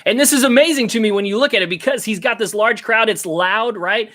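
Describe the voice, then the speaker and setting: A man's voice: sits high, a little fast, fairly bright tone. A youth pastor, a man, teaching a Bible story and speaking directly to young listeners in an earnest, repetitive way. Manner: earnest, addresses listeners directly, repeats phrases for emphasis. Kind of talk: sermon-style Bible teaching to teens.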